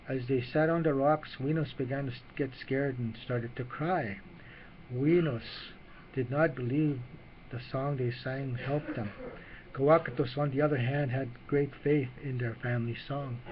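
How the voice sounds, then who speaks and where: A man narrating a children's story in an unhurried way, with small restarts as he reads. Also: mid-range voice, highs cut off, a little hiss or hum.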